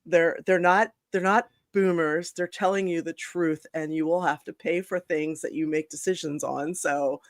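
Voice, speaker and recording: A woman's voice: low voice, fairly even intonation, moderate pace, hardly any pauses, dry recording. A woman hosting a chat show over a video call, telling a frank story in a rambling way full of fillers and restarts. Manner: rambling, frank, with many fillers and self-corrections. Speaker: host. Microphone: video call streaming setup.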